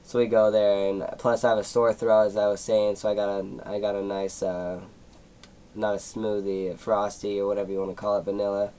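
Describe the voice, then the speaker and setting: A man's voice: on the low side, flat delivery, fairly quick, dark tone, a little hiss or hum, rough recording. A seventeen-year-old young man telling a personal story in a casual vlog, rambling with many fillers and at times emotional. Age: teens. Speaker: YouTuber.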